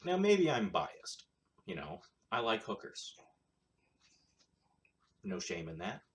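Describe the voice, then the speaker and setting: A man talks at an unhurried, drawn-out pace in a somewhat low voice, hosting his own casual commentary show. He rambles from point to point with blunt, crude remarks and dry sarcasm. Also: very animated. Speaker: show host.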